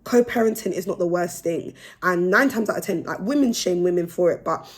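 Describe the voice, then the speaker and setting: A woman's voice: fairly low pitch, brisk. A young woman chatting frankly and with energy to her phone camera as a vlogger. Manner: frank, animated, laughs between points. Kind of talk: casual chat to camera.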